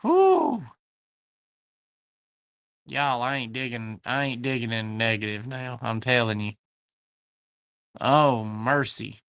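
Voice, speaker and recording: A man's voice: medium pitch, fairly even intonation, a little slow, pushed and bright, clean tone, dry recording. A man with a Southern US accent hosting a live online antique sale from his shop, chatting folksily and greeting viewers by name. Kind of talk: livestream chat, reading viewer comments.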